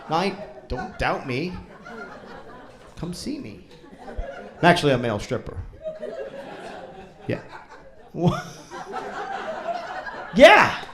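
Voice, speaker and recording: A stand-up comedian from New England, working the room with an animated, jokey delivery. His voice sits fairly high and swings up and down a lot. The crowd laughs around him in a live club. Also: slow, long pauses.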